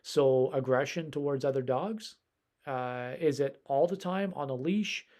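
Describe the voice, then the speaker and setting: A man's voice: medium pitch, measured pace, a little mellow. A man who works as a dog trainer and behavior specialist, answering viewers' questions in a casual live stream and rambling in a conversational way.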